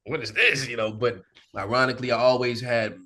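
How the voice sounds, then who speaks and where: A male actor as an interview guest, telling candid stories in a relaxed, animated way, often laughing and acting out the people he quotes. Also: medium pitch, fairly quick. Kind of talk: candid conversational storytelling. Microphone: sit-down interview mic.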